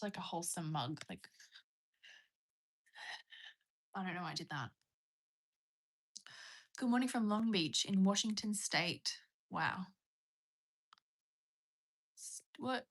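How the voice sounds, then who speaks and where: A woman's voice: medium pitch, expressive, takes it slowly, pauses often, a bit bright. A young Australian woman hosting a casual livestream, chatting in a rambling, self-mocking way while she reads out viewer comments. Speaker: livestream host.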